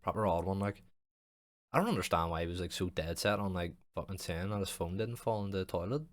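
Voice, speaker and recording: A man's voice: sits low, fast, no echo. A young man hosting a podcast, rambling in casual chat with heavy swearing and lots of fillers. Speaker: podcast host.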